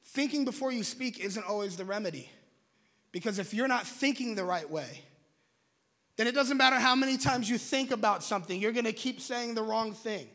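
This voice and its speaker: High-voiced young preacher in a hall. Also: male voice, brisk. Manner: animated, conversational preaching. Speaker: pastor. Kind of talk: sermon. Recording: long hall reverb.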